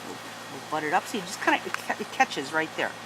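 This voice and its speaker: A woman's voice: low-pitched, very animated, fast, background noise. Woman teaching origami folds. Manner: patient step-by-step instruction, chats to her dogs. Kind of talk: hands-on craft tutorial.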